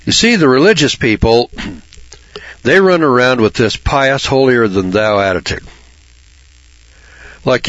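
A man's voice: mid-range voice, lively intonation, takes it slowly, long pauses, fairly bright tone, no echo. A man giving informal Bible commentary in a blunt, folksy way, swearing freely and mocking churchgoers with sarcastic asides. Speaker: Bible teacher. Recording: dull lo-fi recording.

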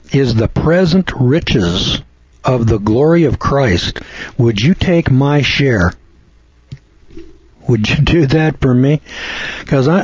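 A man giving conversational Bible commentary in a folksy, sardonic way, arguing back at a letter writer and often clearing his throat. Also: mid-range voice, a little mellow, no echo, dull audio. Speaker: preacher.

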